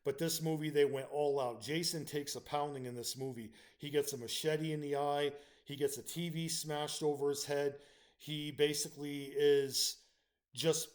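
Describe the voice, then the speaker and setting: A man's voice: fairly high pitch, darkish tone. A man hosting his own channel, giving a casual spoken film review with frequent ums and restarts. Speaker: channel host reviewing films.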